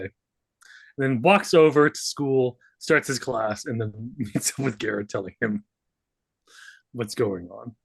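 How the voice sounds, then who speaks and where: A man's voice: mid-range voice, a little slow, creaky, fairly bright tone, breathy edge, no room sound. A man playing a tabletop role-playing game, describing his character's morning in a casual, playful, rambling way. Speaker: player.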